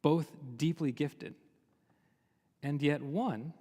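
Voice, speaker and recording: A man, a rabbi, giving a sermon on the weekly Torah portion, telling it lively and asking many rhetorical questions. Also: fairly high pitch, takes it slowly. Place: synagogue sanctuary. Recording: long reverb of a large hall.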